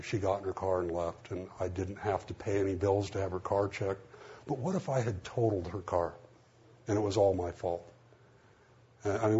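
A middle-aged man delivers a sermon in a folksy, conversational style, acting out the dialogue of the stories he tells. His voice is low-pitched, mellow and slightly rough. The recording is dull and lo-fi with a faint hiss.

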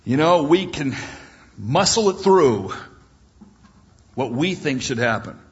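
A man's voice: mid-range voice, big pitch swings, slow, highs cut off. A man preaching a sermon with dramatic storytelling and jokes.

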